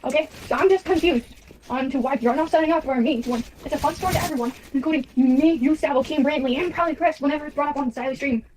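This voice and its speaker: A woman's voice: sits high, fast talker, a little mellow, a little hiss or hum. A woman ranting angrily and repetitively during a recorded phone call, confronting someone. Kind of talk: heated phone rant.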